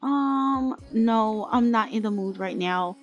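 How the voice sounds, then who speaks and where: A woman voicing an anxious, secretive young pregnant woman who talks in hesitant, halting bursts, as she voices characters in a game let's play. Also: fairly high pitch, lo-fi sound, faint music behind. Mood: evasive.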